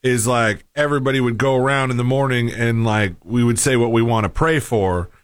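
Halting man in casual chat. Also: medium pitch, no room sound, clean studio sound. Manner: hesitant, halting with restarts. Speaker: podcast co-host.

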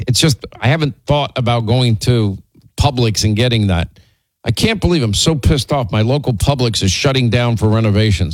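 A man's voice: mid-range voice, dry recording, poor audio. A man hosting a talk show, telling rambling stories and teasing his co-host, with many restarts and fillers. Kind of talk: casual on-air storytelling.

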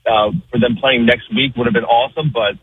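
Fast-talking man on a phone line. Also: medium pitch, fairly even intonation. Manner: filler-heavy, earnest. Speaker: radio caller. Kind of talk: casual call-in chat. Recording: tinny phone line with faint noise.

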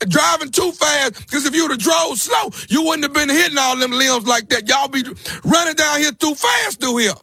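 A man playing an irate grown man who shouts and sobs over his mother's damaged tree in a prank phone call. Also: very high-pitched, moderate pace, creaky, hardly any pauses, full character voice. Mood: angry. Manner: shouting, loud and sobbing. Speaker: prank caller.

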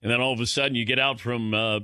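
A man's voice: mid-range voice, steady tone, pushed and bright, clean tone, no echo, clean studio sound. A man hosting a sports radio talk show, easygoing and jokey. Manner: easygoing, jokey, quick to laugh. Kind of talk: casual sports radio chat.

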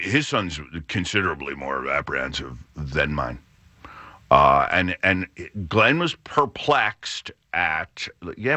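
A man's voice: low-pitched, pushed and bright, no echo. A middle-aged man hosting a radio talk show, rambling casually with frequent restarts.

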